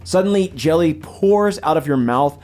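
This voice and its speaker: A man narrating a tabletop game as game master, in a slow, dramatic manner. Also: fairly high pitch, expressive, a little mellow.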